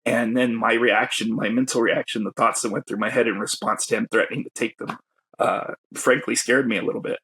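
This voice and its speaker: A man's voice: medium pitch, fairly even intonation, brisk, noisy background. A man, a guest poet and educator, telling his personal story in a reflective, openly emotional way with self-conscious laughs.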